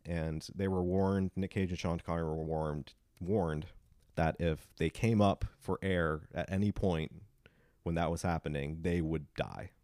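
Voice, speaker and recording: A man co-hosting a film podcast, recapping scenes casually and bursting into loud quoted lines. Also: deep voice, unhurried, no echo, studio quality. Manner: retells scenes in animated bursts, quoting lines loudly. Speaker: podcast co-host.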